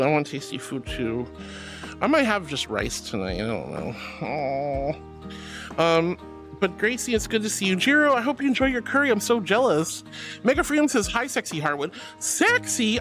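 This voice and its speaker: A man's voice: on the high side, big pitch swings, moderate pace, a bit bright, faint music behind. A man streaming live and reading out chat in a bubbly, affectionate, playful way, calling viewers sweetie and darling, with giggles, gasps and squeals. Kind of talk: chatty livestream reading chat.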